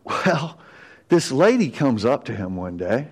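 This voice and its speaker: A man preaching a sermon in a church sanctuary. His voice sits at an ordinary middle pitch, and he tells his stories emphatically. He rises to earnest exhortation as he addresses his congregation. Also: very animated, unhurried. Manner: storytelling, emphatic and rising to exhortation. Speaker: pastor.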